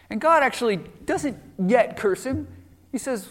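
A man preaching a sermon, telling the story with animated acted-out quotes. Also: very high voice, a little slow. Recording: long hall reverb.

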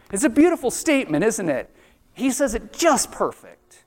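A man preaching a sermon in a chatty, animated way, acting out the voices in the story. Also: very high-pitched, moderate pace. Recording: long reverb of a large hall.

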